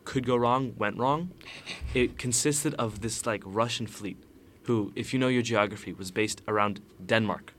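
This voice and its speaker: A young man co-hosts a casual podcast in a fairly low voice. He rambles through his story with dry, sarcastic humor and lots of filler. Faint noise hums under the recording. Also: normal speed, a bit bright. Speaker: podcast co-host. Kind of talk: casual chat.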